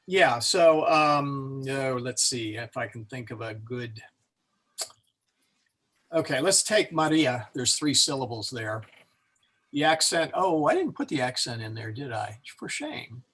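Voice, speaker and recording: A man leads a Latin class over a computer mic, thinking aloud and correcting himself as he goes. His pitch sits in the middle range, and he chuckles at his own small slips. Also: unhurried, a bit bright. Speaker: Latin teacher. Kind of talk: online class lecture.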